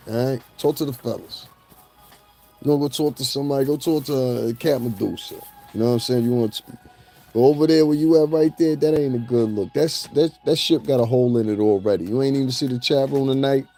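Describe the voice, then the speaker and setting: Mellow-voiced man ranting in mocking commentary. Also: medium pitch, quick pace, faint music behind. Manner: mocking, laughs at his own jokes. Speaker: celebrity gossip commentator.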